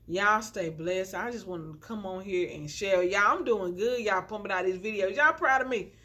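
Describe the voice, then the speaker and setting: With a pushed, bright mid-range voice at normal speed, a young woman vlogs from her floor at home. Her phone sits on a tripod with a ring light as she casually encourages viewers in a chatty, preachy, inspirational style, never letting up on "y'all."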